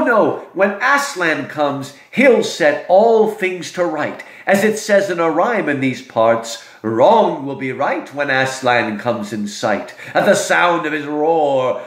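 A man voicing an excitable, kindly male talking beaver, eager and emphatic, his voice jumping up to near-shouts. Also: a little high. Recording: roomy echo.

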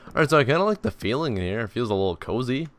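A man's voice: medium pitch, big pitch swings, rapid-fire, fairly bright tone, soft background music. A young man casually narrating his block-building game, rambling and self-deprecating, tired and yawning. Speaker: gaming channel host. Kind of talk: casual Let's Play commentary.

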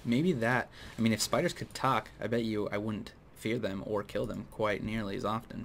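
A man with a low voice gives casual gameplay commentary and wanders into opinionated tangents aimed at his viewers. His throat sounds dry and needs frequent clearing. A faint hiss sits under the recording. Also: moderate pace, hardly any pauses, a bit bright. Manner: rambling, opinionated tangents, addresses viewers directly. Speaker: gaming video host.

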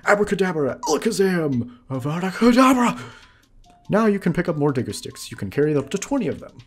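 A man's voice: high-pitched, very animated, fairly quick, slightly rough, faint music behind, voice pushed up, exaggerated voice. A man voicing small, reverent plant creatures who make a ceremonial offering.

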